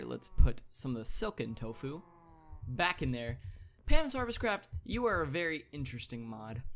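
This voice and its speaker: A man hosting a gaming video, thinking aloud as he plays, chatty, with excited interjections. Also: mid-range voice, gravelly. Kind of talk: casual gameplay commentary.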